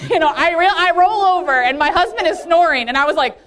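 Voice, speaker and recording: Her voice is very high and fairly bright, animated and a touch quick. She's a youth leader in her late twenties addressing a women's meeting, sharing a chatty, heartfelt testimony peppered with "like" and plenty of laughs.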